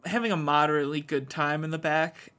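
A man in casual chat, self-deprecating and quick with funny anecdotes and quoted voices. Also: a little high, fairly bright tone.

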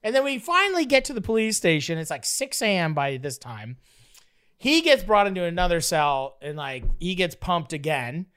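Man, guest storyteller, animated, swears a lot, filler-heavy speech. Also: sits high, moderate pace, smooth. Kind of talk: casual storytelling.

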